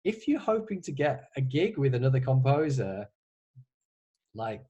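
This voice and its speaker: A man's voice: medium pitch, big pitch swings, a little slow, mellow, slightly rough, lo-fi sound. A man who is a composer, answering student questions on a video call in a casual, hesitant way, with many restarts and a wry humor. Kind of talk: casual online Q&A.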